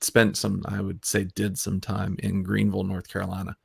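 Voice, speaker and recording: A man's voice: sits low, completely flat delivery, normal speed, creaky, slightly rough, no room sound. A man hosting a casual livestream chat over a video call, rambling and restarting, laughing often. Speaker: livestream host.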